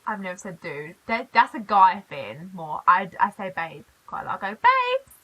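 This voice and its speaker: A young British woman casually reacting on camera to things she reads aloud, chatting with quick asides. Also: lowish voice, a bit bright, low-quality recording. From Britain. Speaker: reaction vlogger.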